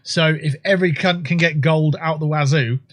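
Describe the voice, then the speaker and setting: His voice runs a little high at a moderate pace. He's a livestream gamer host tossing out crude, joking banter and whooping with excitement while casually narrating his play.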